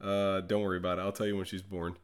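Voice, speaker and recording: A man's voice: low voice, flat delivery, quick pace, smooth. A young man from the American South co-hosting a podcast, bantering with sarcastic jokes. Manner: joking, sarcastic. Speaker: podcast co-host. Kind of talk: casual banter.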